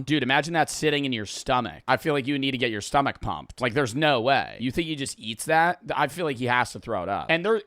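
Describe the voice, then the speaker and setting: A man's voice: mid-range voice, dry recording, clean studio sound. A young man rambling and swearing through casual reaction commentary on a video. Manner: rambling, animated, swears often.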